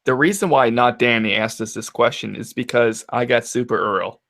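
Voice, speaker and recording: A man co-hosting a casual fantasy football podcast, ranting in an animated, profane way. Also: mid-range voice, moderate pace, creaky. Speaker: podcast co-host.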